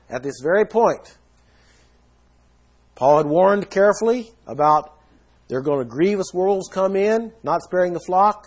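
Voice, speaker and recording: Husky-voiced man preaching a sermon. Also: high voice, a little mellow. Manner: earnest teaching tone, emphatic stresses.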